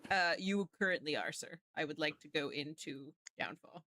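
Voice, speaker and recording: A woman's voice: low voice, expressive, normal speed, a bit bright, dry recording, studio quality. A woman playing a tabletop game, playful and laughing often as she describes her character. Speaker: player.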